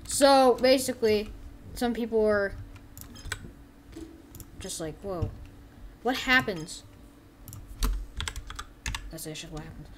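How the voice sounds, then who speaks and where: A woman giving casual let's-play commentary. She rambles with many fillers and often breaks into sudden excited yelps. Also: mid-range voice, a little hiss or hum. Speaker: gameplay commentator.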